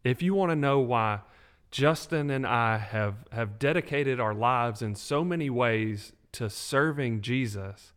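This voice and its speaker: A man co-hosting a faith podcast, talking with animated, preacher-like emphasis. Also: medium pitch, a little slow, clear, resonant tone. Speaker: podcast co-host.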